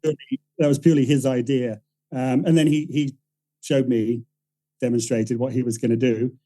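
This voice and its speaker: Speaking at a moderate pace with fairly even intonation, the writer-director has a dark, medium-pitched voice on a low-quality recording. In this casual podcast interview he spins a meandering tale, fixing his own wording and mimicking the voices of people he cites.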